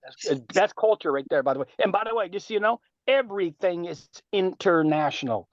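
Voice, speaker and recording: A man speaking on a group call in a boastful, animated way with streetwise slang, lecturing and taking questions. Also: high voice, a little fast, hardly any pauses, no echo, muffled recording. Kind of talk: casual lecture and Q&A.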